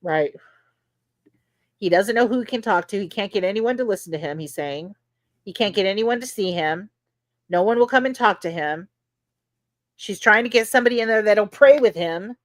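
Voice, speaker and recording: A woman's voice: mid-range voice, moderate pace, pauses often, no echo. Woman, podcast host, casual trial recap, conversational, dry close sound. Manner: conversational, many fillers like "you know".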